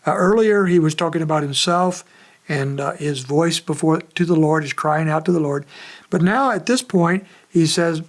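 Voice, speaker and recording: A pastor giving an expository sermon in a conversational, measured way, pausing often as he explains the text. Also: a little high. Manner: conversational, measured preaching with frequent pauses.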